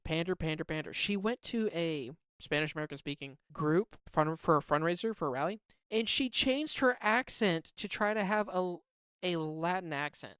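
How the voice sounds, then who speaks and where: This is an indignant political commentator in mid-rant, piling up complaints and repeating words for force. The voice is smooth and resonant. The recording is dry and close, with no room sound. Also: mid-range voice, animated, normal speed, fairly bright tone, dry recording. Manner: heated, indignant ranting. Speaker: podcast co-host.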